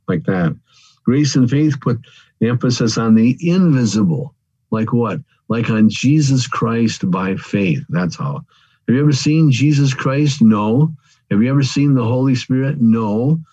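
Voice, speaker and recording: Mellow-voiced male preacher, counting off points. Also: mid-range voice, unhurried, slightly rough, dry recording, highs cut off. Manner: addresses listeners as friends, counts off points. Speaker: pastor. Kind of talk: sermon.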